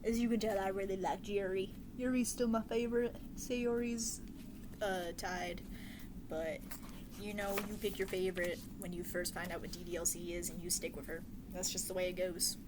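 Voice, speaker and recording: A woman's voice: mid-range voice, steady tone, normal speed. Rambling young woman chatting over noise. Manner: rambling, goes off on tangents; casual slangy talk with lots of fillers. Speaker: vlogger. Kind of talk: casual chat.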